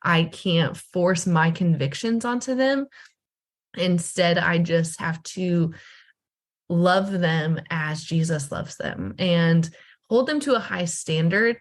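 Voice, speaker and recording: A woman with a lowish voice speaks as a podcast guest and mother. She talks candidly and reflectively, pausing on "um" and restarting her thoughts. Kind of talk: casual podcast conversation.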